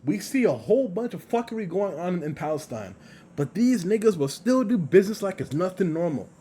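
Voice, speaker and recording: A man's voice: sits high, very animated, fairly quick, warm tone, slight background noise. A young man in a blunt, heated motivational rant on his vlog, swearing constantly and repeating himself for emphasis. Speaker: vlogger.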